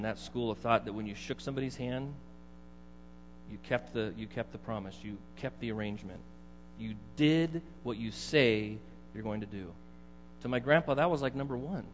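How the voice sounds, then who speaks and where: A middle-aged man preaching a sermon in a conversational way, putting questions to his congregation. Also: medium pitch. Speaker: pastor. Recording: dull, echoey hall with mains hum.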